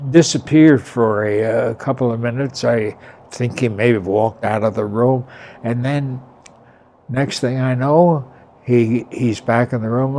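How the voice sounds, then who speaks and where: A man recounting his own near-death experience in a halting, rambling way, with chuckles and a louder voice when he quotes himself. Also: mid-range voice, gravelly. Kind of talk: personal storytelling.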